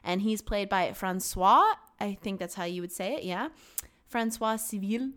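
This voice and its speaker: A woman's voice: mid-range voice, unhurried, fairly bright tone. A young woman co-hosting a podcast in casual chat, giggly and full of fillers. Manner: giggly, chatty, many fillers. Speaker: podcast co-host.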